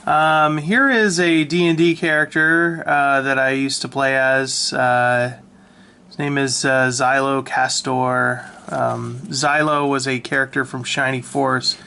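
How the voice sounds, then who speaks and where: A man casually talking through his old sketchbook, relaxed and self-mocking, with lots of ums and restarts, recorded on a handheld camera. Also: medium pitch, takes it slowly, creaky, clear, resonant tone. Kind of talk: casual rambling commentary. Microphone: handheld camera mic.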